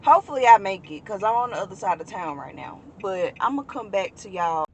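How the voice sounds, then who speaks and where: A woman's voice: mid-range voice, expressive, brisk. A young woman in her twenties casually vlogging, chatty and venting about her day, sometimes cursing at traffic. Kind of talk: casual vlog chat. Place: in a car, then at home.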